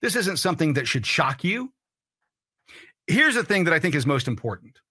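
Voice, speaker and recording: A man's voice: on the high side, sing-song, moderate pace, bright, forceful tone, husky. A man hosting a political commentary show, ranting in a heated, blunt and profane way. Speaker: host.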